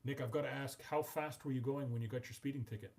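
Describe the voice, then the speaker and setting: A man co-hosts a relaxed live stream, chatty and quick with a joke. He talks fast, and his voice has a husky grain to it. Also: mid-range voice. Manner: chatty and joking. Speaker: co-host. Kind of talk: casual live-stream chat.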